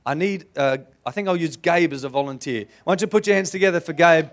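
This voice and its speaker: An Australian man delivers a sermon in church, his voice sitting high for a man. He preaches in an animated, playful way and keeps drawing the congregation in with questions. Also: fast talker. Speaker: pastor.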